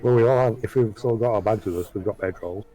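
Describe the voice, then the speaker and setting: Practical player giving advice. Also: male voice, on the low side, fast, warm tone, poor audio. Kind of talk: casual tabletop game chat.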